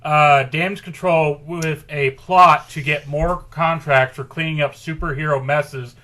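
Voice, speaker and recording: A man co-hosting a casual podcast chat, halting and leaning on filler words. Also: fairly high pitch, fairly even intonation, bright, forceful tone. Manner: halting, leans on "like". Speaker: podcast co-host.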